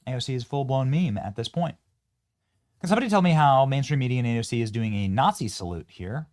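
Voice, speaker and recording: A man's voice: expressive, fast talker. Sneering male political commentator. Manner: sarcastic, scornful, swings between loud jeers and low mutters. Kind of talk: reacting to clips, mocking commentary.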